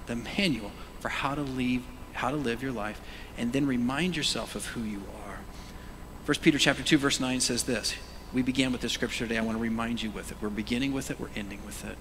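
A middle-aged male pastor preaching a sermon, animated, moving between loud calls and hushed whispers and prompting the congregation to say words aloud. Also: mid-range voice, a little fast, slight background noise. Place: church sanctuary. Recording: long church reverb.

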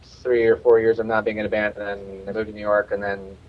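A man's voice: on the low side, level tone, fast talker, lo-fi sound. A man guest telling rambling stories in a casual interview, stammering, restarting and swearing freely. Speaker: musician guest.

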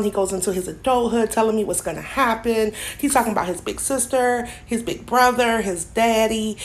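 A woman speaks casually to camera about her youngest child. Her tone is conversational with a wry touch, and her voice is a bit higher than most. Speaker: parent telling a story.

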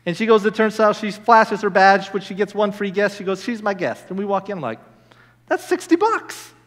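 A man in his thirties, a minister preaching a sermon with lively storytelling and sudden bursts of excitement. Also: high voice, fast. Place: church hall. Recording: long hall reverb.

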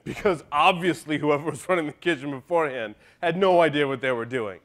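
A man's voice: fairly high pitch, a little fast, a bit bright. A man giving a conference talk, telling a story in a casual, joking way and talking straight to the audience. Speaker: conference speaker. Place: conference hall.

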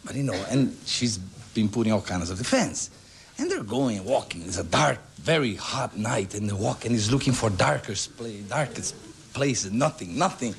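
Animated Brazilian-born man telling jokes. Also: moderate pace. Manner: animated joke-telling with high squeaky character voices. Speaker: guest entertainer. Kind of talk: comic storytelling on a talk show.

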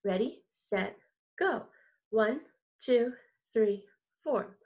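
A woman's voice: on the high side, animated, extremely slow, a little mellow. A woman teaching an online kindergarten music lesson, upbeat and encouraging, leading call-and-response.

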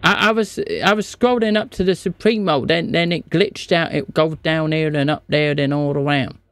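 A man's voice: fairly high pitch, fairly even intonation, moderate pace, fairly bright tone, no echo. A man streaming a scam-bait phone call, feigning confusion and playing dumb with the caller. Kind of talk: prank call.

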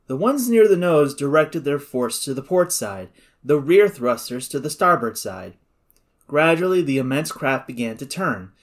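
A man narrating an audiobook in an expressive, steady storytelling manner. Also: on the high side.

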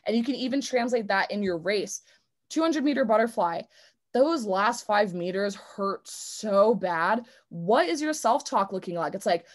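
A woman's voice: mid-range voice, lively intonation, moderate pace. A young adult woman, a swimmer speaking at an online convention, talking casually and earnestly with many fillers.

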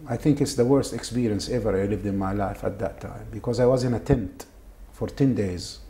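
This clip has faint background noise and features emotional interview testimony from a man in Saudi Arabia whose native language is Arabic. His fairly low, dark voice halts as he relates what happened to him, and he repeats words often.

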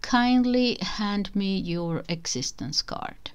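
A woman's voice: medium pitch, lively intonation, slow, clean tone, highs cut off. A woman voicing a mocking, condescending uniformed male official in a spoken storybook reading.

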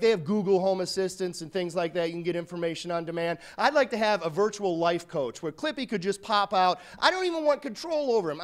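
A male comedian telling rambling, self-deprecating stories in a stand-up routine. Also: sits high.

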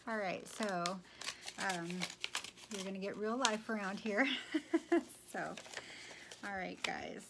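A woman's voice: mid-range voice, slow pace, long pauses, heavy background noise. A woman vlogger chatting casually to her viewers, gushing and full of "um"s. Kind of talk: casual haul chat.

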